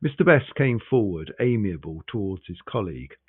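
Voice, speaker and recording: A man reading a novel aloud in a measured, expressive way. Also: on the low side, breathy edge, no echo. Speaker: reader. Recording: tinny, phone-like sound.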